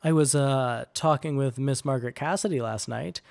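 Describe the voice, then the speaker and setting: A man's voice: medium pitch, moderate pace, gravelly, darkish tone, close to an everyday voice. A man voicing a sly young man who teases his friend in a playful way. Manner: sly, teasing.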